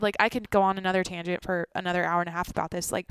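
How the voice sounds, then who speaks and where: Sleepy, gravelly young woman podcaster. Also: fairly low pitch, level tone, rapid-fire, no room sound. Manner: rambling, profane, swings between loud bursts and near-whispers. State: sleepy, tired. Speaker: podcast host. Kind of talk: solo daily podcast monologue.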